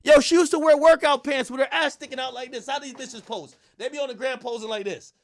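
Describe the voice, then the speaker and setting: A man's voice: very high-pitched, steady tone, fast, no room sound. A man hosting a livestream, ranting crudely and animatedly to his chat with frequent laughs. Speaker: livestream host. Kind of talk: casual stream commentary.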